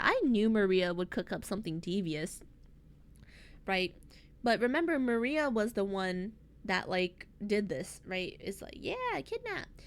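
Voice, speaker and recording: Woman VTuber streamer, slightly high voice, casual rambling recap, heavy on fillers and slang. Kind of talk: casual chat recapping a story to chat.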